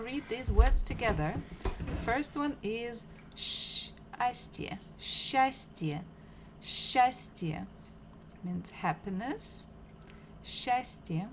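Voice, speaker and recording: A woman gives a live-streamed Russian lesson from home, talking very slowly and repeating every word several times. Her pitch is ordinary for a woman, and her tone is patient and chatty. Faint keyboard typing sits behind her voice. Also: a little hiss or hum. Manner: slow, patient, repeats words several times, chats with viewers. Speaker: Russian language teacher.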